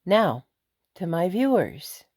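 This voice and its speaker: A woman's voice: on the low side, big pitch swings, slow, a little mellow, no echo, clean studio sound. A middle-aged woman venting angrily in a vlog, blunt and emphatic. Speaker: vlogger. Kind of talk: angry ranting vlog.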